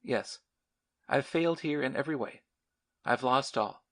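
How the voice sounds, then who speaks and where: A man's voice: mid-range voice, measured pace, fairly bright tone. A man reading the lines of a stern, determined young war veteran in an audiobook, commanding and insistent.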